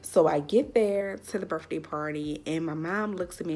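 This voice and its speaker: A woman's voice: low voice, moderate pace, a little mellow. A young woman vlogger telling a personal story in a casual, candid way, full of "like". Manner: chatty, lots of "like", candid.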